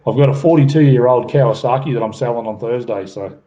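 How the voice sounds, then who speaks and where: Older aussie man, joking blokey banter, mellow tone; warm voice on a guest spot. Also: medium pitch, brisk. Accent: Australian. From Australia. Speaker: guest on a livestream. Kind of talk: casual chat. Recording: dull lo-fi with faint noise.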